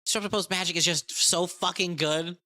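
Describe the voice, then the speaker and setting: A woman chatting excitedly about a tabletop game, profane and rambling, often restarting her sentences. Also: fairly low pitch, fairly quick. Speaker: game content creator. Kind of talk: casual tabletop game review.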